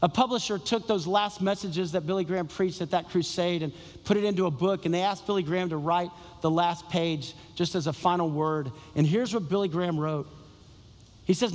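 A man with a notably high voice delivers a sermon in an animated storytelling manner, repeating his key phrases for emphasis. His voice carries a long reverb, as if from a large hall. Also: brisk. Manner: storytelling, exclamatory and repetitive. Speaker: pastor.

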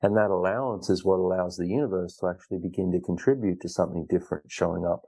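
A man with a very low, gravelly voice hosts a solo podcast. He speaks in an earnest, wandering self-help style, full of restarts. His tone is dark and mellow. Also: steady tone, fast, poor audio. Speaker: podcast host. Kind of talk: reflective solo podcast talk.

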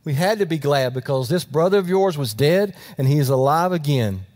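A man voicing a gentle, loving father who pleads softly with his son. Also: expressive, fairly quick, natural voice. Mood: tender. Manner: soft, low, tender pleading.

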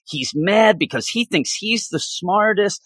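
A man hosting a casual podcast chat about a book, animated and acting out character lines. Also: high-pitched, a little slow, husky, dry recording. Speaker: podcast host discussing a book.

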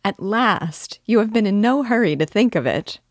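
A woman reading the part of a lively, playful young woman who teases with eager questions, in an audiobook. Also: medium pitch, normal speed, no room sound, studio quality, pitched above the performer's own voice, natural voice. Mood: teasing.

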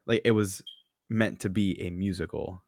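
A man on a podcast panel, talking in a halting, searching way with many pauses. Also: low voice, fairly even intonation, darkish tone, no echo. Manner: halting, full of "uh" and restarts. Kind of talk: casual chat.

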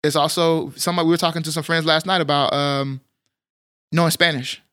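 A Texan man talks with a bright, forceful voice sitting a little above the usual male pitch. He chats casually as a podcast co-host, animated and joking, heavy on slang. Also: fairly quick, clear, resonant tone. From Texas. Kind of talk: casual chat.

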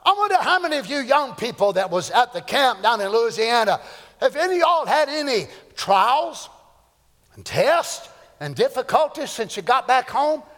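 A man's voice: extremely high pitch, big pitch swings, moderate pace, fairly bright tone. A man preaching a fervent, folksy sermon in a church. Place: church sanctuary. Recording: echoey church hall.

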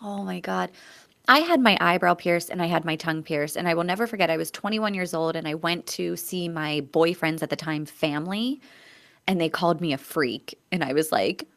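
A woman's voice: fairly low pitch, brisk, gravelly, a bit bright. A woman hosting a casual podcast chat, candid and laughing, reading listener stories aloud. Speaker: podcast host.

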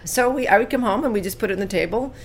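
A woman in her sixties from California, telling her life story as an interview guest, earnest and animated when recounting, quiet at painful moments. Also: medium pitch, racing, a little hiss or hum.

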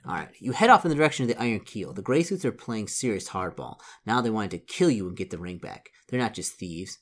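A man's voice: lowish voice, sing-song, quick pace. A man casually reading a solo gamebook aloud, stumbling over and correcting words and adding chatty asides. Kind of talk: casual gamebook read-through.

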